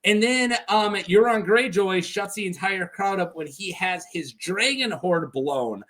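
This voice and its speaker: A man hosting a lore video, retelling a story in a casual, animated and chatty way and laughing often. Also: high voice, measured pace.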